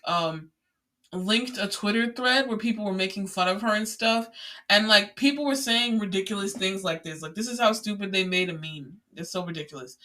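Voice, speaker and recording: Bright-voiced, chatty young podcast host. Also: mid-range voice. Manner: chatty, rambling, many filler words; exasperated ranting. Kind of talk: casual solo podcast monologue.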